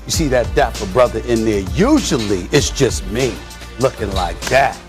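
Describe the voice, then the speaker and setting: A man hosting a sports talk show, delivering loud, theatrical commentary that often breaks into shouting and laughter. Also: medium pitch, animated, normal speed, music in the background.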